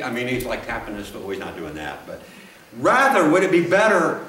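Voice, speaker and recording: A preacher heard from afar in a roomy church. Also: male voice, on the high side, sing-song, brisk, pushed and bright. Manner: folksy, rambling, frequent restarts and asides. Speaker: pastor. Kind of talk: sermon. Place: church sanctuary. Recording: roomy, from a distance.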